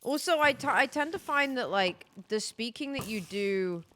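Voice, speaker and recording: A woman's voice: on the high side, animated, normal speed, sharp tone, slight background noise. A young British woman streaming a game, chatting casually in a rambling, self-correcting way. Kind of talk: casual chat while gaming.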